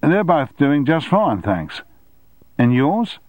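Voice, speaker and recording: A man's voice: a little high, very animated, slow, no echo, phone-quality sound, voice pushed up, exaggerated voice. A man voicing a male Australian newspaper editor with an Australian accent, slightly breathless and eager to please.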